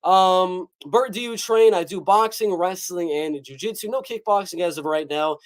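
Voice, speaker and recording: Young male livestream host, high voice, casual and jokey, reads out chat comments. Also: normal speed. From North Carolina. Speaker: MMA prediction livestream host.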